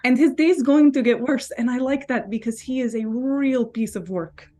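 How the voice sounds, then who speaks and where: A woman's voice: sits high, moderate pace, mellow. Wry woman running a tabletop game. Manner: casual and wry, with hesitant restarts. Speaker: game master. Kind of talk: improvised character voicing in a tabletop game.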